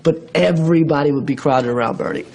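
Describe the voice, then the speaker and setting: A man's voice: a little high, fast, a little mellow. A male film director in a documentary interview, telling stories from the set with amusement.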